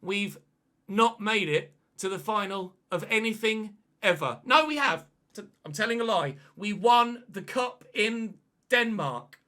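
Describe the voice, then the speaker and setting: A man commentating his own football video game match, excitable and shouting at goals, his voice going hoarse. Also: high-pitched, measured pace. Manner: shouts and celebrates goals, then chats calmly. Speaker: gaming commentator. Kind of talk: excited live gameplay commentary.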